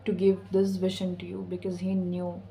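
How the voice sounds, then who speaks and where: Casting note: a woman with a low, flat voice, easygoing and sassy as a spiritual vlogger, profane slang throughout. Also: moderate pace, creaky, a little hiss or hum, rough recording. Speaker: intuitive spiritual channeler. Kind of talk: casual spiritual message vlog.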